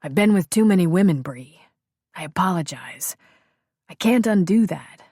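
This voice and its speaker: A woman reading the part of a tender, confident male lover in an audiobook, with soft, intimate delivery. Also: fairly low pitch, animated, moderate pace, breathy edge, no room sound, clean studio sound.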